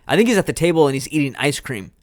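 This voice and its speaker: A man's voice: fairly high pitch, animated, rapid-fire, a little mellow, dry recording. A man co-hosting a casual movie review podcast, retelling scenes with acted-out quotes. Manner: rambling, acts out scenes with quoted voices. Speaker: podcast co-host.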